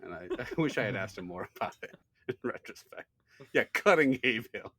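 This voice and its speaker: Man, podcast co-host, casual chat, swears freely, lively rising and falling pitch. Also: fairly quick, husky, no room sound. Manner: animated storyteller, swears freely.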